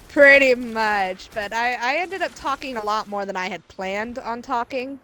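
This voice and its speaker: Brief: woman streamer, slightly high voice, animated casual storyteller. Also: a little slow, slight background noise. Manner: animated storyteller, mimics others in high voices, laughs often. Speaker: streamer chatting with friends. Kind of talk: casual chat while gaming.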